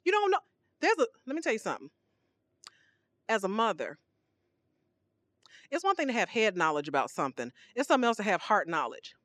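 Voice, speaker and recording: A woman's voice: mid-range voice, fairly quick, pauses often, no room sound, clean studio sound. A woman preaching a sermon on a podcast, emphatic and full of rhetorical questions, her voice rising and dropping. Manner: emphatic, rhetorical questions, animated swings in volume.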